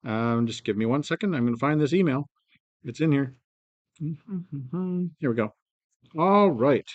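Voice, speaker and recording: A man hosting a staff planning meeting in a hotel room, reading department updates with frequent ums and pauses. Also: on the high side, animated, darkish tone, dry recording, dull audio. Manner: halting, reads updates aloud with many ums. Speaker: meeting host. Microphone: phone mic, sometimes held low.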